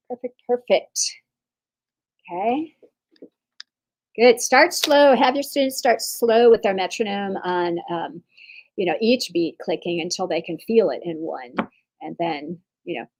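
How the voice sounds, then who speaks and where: A woman's voice: medium pitch, unhurried, pauses often, darkish tone, low-quality recording. A woman giving an online percussion clinic, chatty and reassuring, with many fillers and restarts. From Texas. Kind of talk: online masterclass talk.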